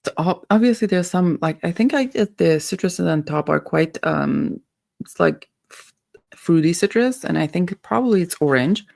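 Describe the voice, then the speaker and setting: Low, gravelly woman chatting playfully. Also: animated, normal speed, a little mellow, no room sound. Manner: playful and silly, chatting with viewers. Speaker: livestream host reviewing perfumes. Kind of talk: casual livestream chat.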